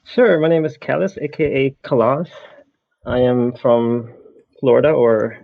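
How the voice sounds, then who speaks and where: A man from Australia chats as a guest on a movie podcast, easygoing and a bit shy. His mid-pitched voice comes through a dull, lo-fi call line that sounds close and dry. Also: unhurried, vocal fry, no echo. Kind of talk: casual podcast chat. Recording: slightly dull lo-fi call audio.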